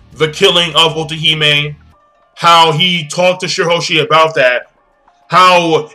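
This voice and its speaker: Excitable high-voiced man reviewing anime. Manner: excited, slangy, swears, repeats phrases. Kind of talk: casual video review.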